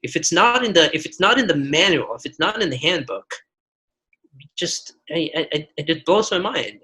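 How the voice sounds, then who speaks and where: A man's voice: fairly high pitch, animated, normal speed, sharp tone, rough recording. A man in his forties, a physician guest on a podcast, telling personal stories earnestly with frequent restarts. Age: 40s. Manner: earnest, storytelling with many restarts. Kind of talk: podcast interview.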